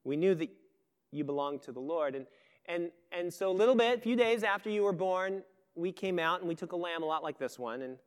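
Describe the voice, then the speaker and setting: A man preaching acts out a solemn father who speaks gently and earnestly to his son. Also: sits high, expressive, a little fast, clean tone. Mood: tender. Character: solemn, tender father telling his son their story.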